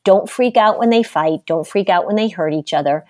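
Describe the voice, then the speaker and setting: A woman's voice: medium pitch, normal speed, a little mellow, dry recording, clean studio sound. A middle-aged woman giving parenting advice in casual conversation, emphatic and firm, using everyday examples. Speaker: parenting expert.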